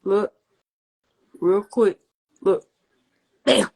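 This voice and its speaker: Speaking very slowly in a slightly mellow, mid-range voice, a woman hosts a laid-back livestream. The recording is rough, and her chat wanders loosely with lots of swearing and humor.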